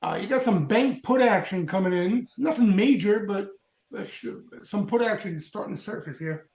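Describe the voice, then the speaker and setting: A man's voice: high-pitched, moderate pace, creaky, a little mellow, reverberant. A man on a live trading stream calling out market moves with dry jokes.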